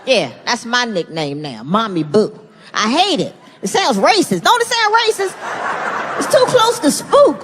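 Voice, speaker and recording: A middle-aged woman performing a stand-up comedy set, animated and jumping into loud put-on voices for punchlines. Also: high-pitched, moderate pace, some chatter behind, slight background noise. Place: large theater stage. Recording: live theater stage mic with long hall reverb and audience laughter. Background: audience laughter and ambience.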